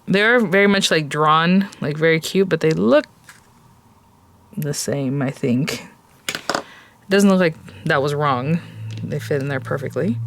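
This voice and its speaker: Chatting to her audience as she crafts, this tutorial host keeps exclaiming how cute everything is. Her voice is low, with slight background noise in the clip.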